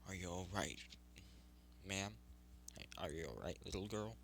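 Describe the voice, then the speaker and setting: A man voicing a calm, powerful young male hero in a fan story, speaking gruffly and softly. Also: low voice, measured pace, a little hiss or hum.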